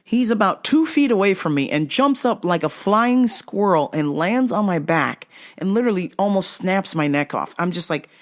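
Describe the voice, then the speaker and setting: A podcast speaker telling a casual story with lively energy and plenty of swearing. The voice sits at a middle pitch and keeps jumping into quick impressions of the other people in the story. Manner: animated, profane, acts out the people in the story.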